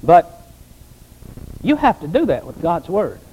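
A man's voice: on the high side, wildly swooping pitch, a little slow, dark tone, husky, lo-fi sound. An older man, a pastor, preaching a sermon in a plain-spoken, folksy way and rising to emphatic exclamations.

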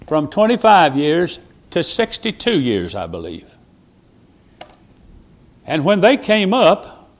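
A traveling preacher with a high voice delivers a sermon, telling stories that include quoted dialogue. His volume jumps suddenly loud, then drops soft.

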